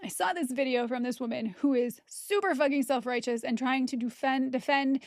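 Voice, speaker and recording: A woman's voice: high voice, fairly quick, no echo, clean studio sound. A woman content creator giving a personal testimony straight to camera, blunt, heated and profane.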